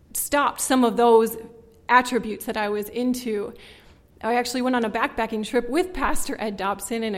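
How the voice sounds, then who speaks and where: A woman with a slightly high voice shares her personal testimony, earnest and conversational. She peppers her talk with "like" and her voice drops low and hushed at the painful parts. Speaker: speaker sharing her testimony.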